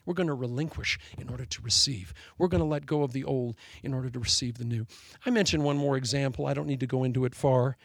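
Gravelly animated preaching man. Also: medium pitch, quick pace, hardly any pauses, dry recording, clean studio sound. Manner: animated storytelling, laughing at his own jokes. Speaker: pastor. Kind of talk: sermon.

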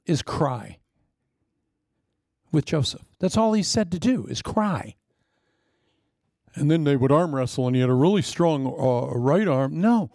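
A man preaching a sermon, telling stories with lively swings from shouts down to hushed whispers. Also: fairly high pitch, measured pace, pauses often, no echo, clean studio sound.

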